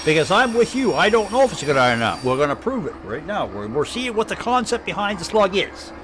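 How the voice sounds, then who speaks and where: A man's voice: high voice, very animated, fast, background noise. A man from Canada with an Ottawa Valley accent, rambling and chatting casually as he streams live gameplay commentary. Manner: rambling, chatty, thinking aloud.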